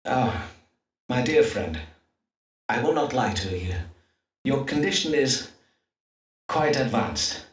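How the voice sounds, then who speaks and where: An actor voicing an Elizabethan astrologer-doctor who speaks in measured, formal old-fashioned phrases with hesitant fillers, in a game. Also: male voice, mid-range voice, lively intonation. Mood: grave. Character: Elizabethan astrologer-doctor, pompous yet awkward. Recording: distant roomy game audio.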